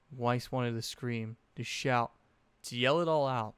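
A man's voice: medium pitch, measured pace, clean tone, no room sound. A man reading a story aloud expressively, correcting his own slips now and then. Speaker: fanfiction narrator.

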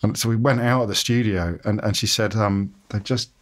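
A man's voice: on the low side, fairly even intonation, brisk. A man, interviewed in a casual chat, telling his career stories in a chatty, self-deprecating way, acting out the voices of people he quotes. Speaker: interviewee, radio presenter.

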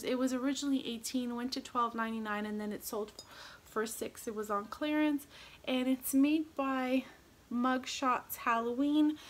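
A woman showing off her shopping finds at home in a gushing, chatty way, now and then dropping to a soft whisper. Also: on the high side, a little hiss or hum. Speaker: vlogger. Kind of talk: casual haul chat.

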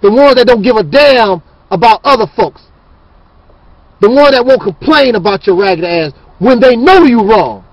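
High-voiced guy ranting hard, preachy and scornful, dry close sound. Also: expressive, normal speed, no echo, low-quality recording. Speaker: channel host. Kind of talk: ranting monologue.

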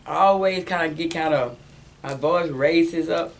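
A woman in a church class explaining herself haltingly, repeating words as she searches for them. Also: sits low. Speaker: class member. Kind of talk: sharing in a church class discussion.

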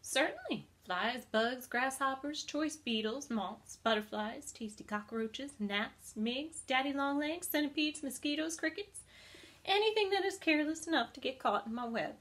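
A clever female spider speaks in a thin, pleasant, fairly high voice, as a woman reads her part. She is calm and matter-of-fact, brisk when she explains herself.

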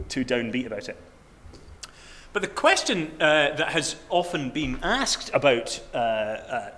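A Scottish man in his twenties giving an academic talk, halting with many fillers and restarts and a wry, self-deprecating humour. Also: medium pitch, a bit bright. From Scotland. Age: 20s. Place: lecture room.

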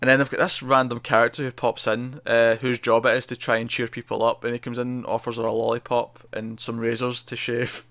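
A man's voice: mid-range voice, level tone, fairly quick, hardly any pauses, a bit bright. A man co-hosting a TV review podcast, animatedly retelling scenes and laughing often in casual chat.

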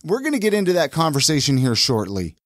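An upbeat male podcast host with a fairly high, very animated voice. He talks in a casual, friendly way with quick restarts. The sound is dry and close. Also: no echo. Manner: upbeat, lively, quick intros with filler restarts.

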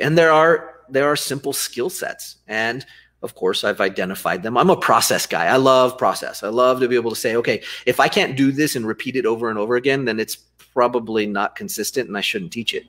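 A man being interviewed as a dance and life coach, speaking in an animated, expressive way, laughing often and acting out inner dialogue. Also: mid-range voice, fairly quick. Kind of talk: conversational interview.

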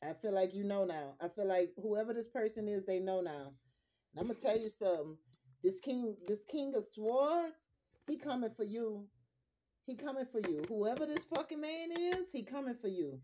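A woman's voice: mid-range voice, expressive, moderate pace, warm tone, slight background noise. A grandmother reading tarot cards casually to her viewers, in a blunt, profane and emphatic way, repeating her points. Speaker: tarot reader.

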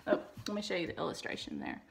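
A young woman teacher reading a storybook aloud to her class, speaking gently and clearly and asking the children questions. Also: fairly low pitch, wildly swooping pitch, fast talker, a little hiss or hum, rough recording.

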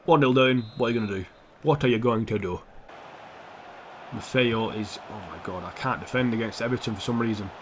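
A young man casually commentating on his own football video game, excitable and quick to swear and joke. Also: medium pitch, a little hiss or hum. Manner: swears a lot, excitable, sarcastic jokes. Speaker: gaming commentator.

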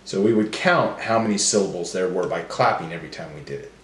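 A man teaching a phonics lesson to young children, stretching each word slowly and cheering them on. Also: low voice, reverberant. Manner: slow, stretched word-by-word drills; encouraging.

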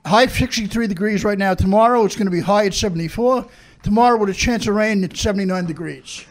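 A male guest giving a stumbling mock weather report on a comedy podcast. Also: sits high. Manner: halting, stumbling over words.

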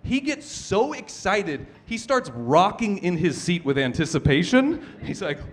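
A young man performing a stand-up comedy set on a club stage, telling stories with animated shouted bits. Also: high-pitched, a little slow. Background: audience laughter.

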